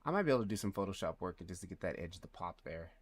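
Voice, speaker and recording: A man streaming live as a 3D artist, speaking low and quietly, thinking aloud and muttering numbers to himself as he works. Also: animated, very fast. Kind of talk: thinking aloud while working.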